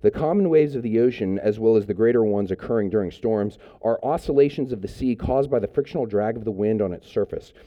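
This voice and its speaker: A man's voice: on the low side, fast, hardly any pauses, highs cut off. A man preaching a sermon as pastor, speaking in a conversational way with frequent fillers and restarts.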